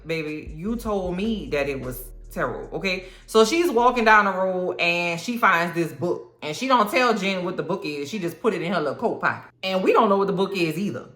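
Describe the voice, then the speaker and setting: Animated woman recapping in an echoey room. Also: on the low side. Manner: animated storytelling, acting out characters' lines; slangy, cursing, talks straight to viewers. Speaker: TV recap host. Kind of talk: casual episode recap.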